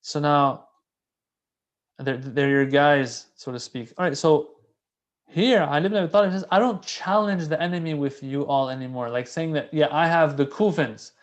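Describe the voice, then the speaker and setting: A man giving a casual, conversational religious lecture, animated and repeating key phrases for emphasis. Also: on the high side, normal speed. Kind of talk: casual sermon explaining a classical text.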